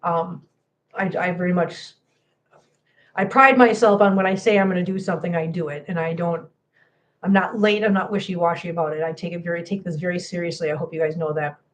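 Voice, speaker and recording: A woman's voice: fairly low pitch, fairly even intonation, fairly quick. A woman hosting a cat channel livestream, tearful and talking to viewers in an emphatic, impassioned way that repeats phrases.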